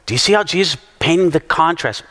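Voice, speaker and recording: A man with a high, strongly animated voice preaches to his congregation, acting out every quote he tells. His pitch leaps up and down, and his words ring out with a long reverb from a large hall. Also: fast. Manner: animated storyteller who acts out quotes. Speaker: pastor. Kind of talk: sermon.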